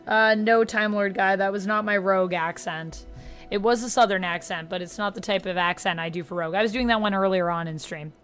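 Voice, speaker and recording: A woman's voice: medium pitch, steady tone, fairly quick, a bit bright, faint music behind. A woman live-streaming a video game, casually reading out menu options and chatting with her viewers. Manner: reads menu options aloud, chats with viewers.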